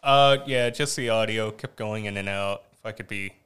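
A man who is a guest on a podcast, chatting casually with dry, deadpan jokes. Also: fairly low pitch, normal speed, clear, resonant tone. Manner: dry, self-deprecating humor. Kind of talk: casual chat.

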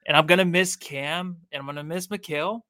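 A young man co-hosting a sports podcast, giddy and jittery, his voice shaky with excitement, saying "like" and "dude" a lot. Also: on the high side, a little fast, dry recording, clean studio sound. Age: young adult. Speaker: podcast co-host. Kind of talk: casual sports podcast chat.

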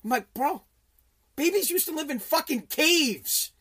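Brash business owner, 30s, aggressive swearing motivational rant. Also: male voice, extremely high pitch, expressive, measured pace, a bit bright. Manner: profane, aggressive, emphatic. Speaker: business owner and radio host.

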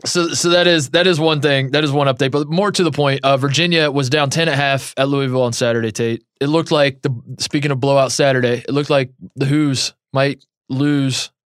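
A man's voice: mid-range voice, steady tone, fairly quick, few pauses, a bit bright, clear, resonant tone, no echo. Guy co-hosting a sports pod, joking around, dry close mic. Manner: loose, joking, chatty with fillers. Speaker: podcast co-host. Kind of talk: casual sports chat.

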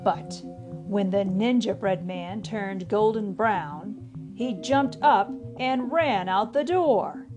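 A woman's voice: medium pitch, expressive, slow, over music. Cheerful woman reading a children's story. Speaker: children's podcast host and storyteller.

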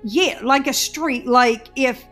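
A woman telling a story in casual chat, exasperated and animated. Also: high-pitched, takes it slowly, soft background music.

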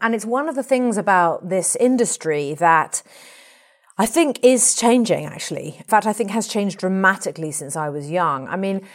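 A woman from England, speaking as an actor in an interview in a lively, colourful, animated way. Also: mid-range voice, moderate pace. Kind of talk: reflective conversational interview.

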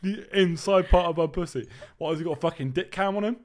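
A man's voice: high voice, fast, a little mellow. A young man co-hosting a podcast, crude and blunt, swearing freely in casual banter. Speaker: podcast co-host. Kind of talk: casual chat.

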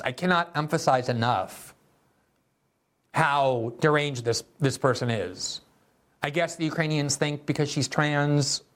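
A man hosting a political commentary show, talking in a sardonic, mocking, conversational way. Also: mid-range voice. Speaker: host.

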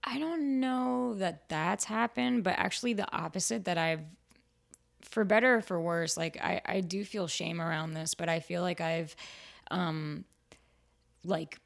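A woman's voice: a little slow, vocal fry. A woman actor chatting in an interview, telling stories animatedly and using many "like" fillers. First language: bilingual in Spanish. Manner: animated storyteller, acts out quoted exchanges with big pitch jumps; filler-heavy, lots of "like". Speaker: actor guest. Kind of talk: casual interview chat.

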